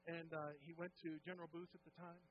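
High-voiced preacher swinging from loud to hushed. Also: male voice, fast. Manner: animated, acts out quotes with rising pitch and volume, drops to hushed tones. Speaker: pastor. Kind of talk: sermon storytelling. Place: church sanctuary. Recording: dull lo-fi church audio with faint hum.

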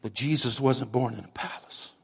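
A man preaching a sermon slowly and dramatically, dropping at times to a hushed near-whisper for emphasis. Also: medium pitch, husky. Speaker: pastor.

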